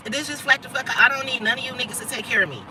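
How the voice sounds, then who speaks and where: Speaking from a car with noise around her, a woman in her 30s races along in a high voice. She curses freely and tells stories with blunt emphasis during a casual livestream.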